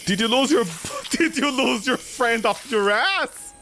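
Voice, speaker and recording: A man's voice: very high-pitched, big pitch swings, a little slow, pushed and bright, faint music behind. A man doing joking let's play commentary on a horror game, rambling and breaking into mock outrage and yelps. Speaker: gaming streamer.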